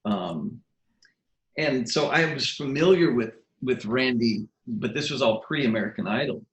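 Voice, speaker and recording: A man's voice: mid-range voice, a little slow, dull audio. Man telling stories in an echoey room. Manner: animated, acts out quotes, frequent restarts. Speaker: guest musician. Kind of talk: casual interview storytelling.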